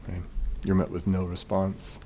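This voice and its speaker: Low-voiced male game master. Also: normal speed, a little hiss or hum. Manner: relaxed, many fillers. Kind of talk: narrating a tabletop game.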